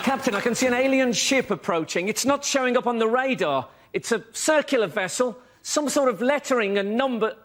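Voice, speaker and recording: A man's voice: extremely high pitch, lively intonation, brisk, few pauses, some chatter behind. A male comedy panellist telling jokes in a mock-serious manner. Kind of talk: quick one-liner jokes. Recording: noisy, loud audience laughter.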